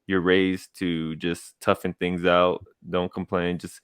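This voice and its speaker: A man co-hosting a casual podcast, talking in an animated way, giggling often and trailing off mid-sentence. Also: sits low, takes it slowly, clear, resonant tone, dry recording, clean studio sound. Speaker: podcast co-host. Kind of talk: casual chat.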